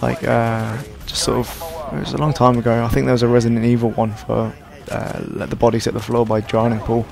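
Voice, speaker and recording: Young male gaming commentator, tired and hoarse, gravelly, self-deprecating rambler. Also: medium pitch, little pitch movement, fairly quick, few pauses. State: hoarse, sore throat. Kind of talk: casual gameplay commentary.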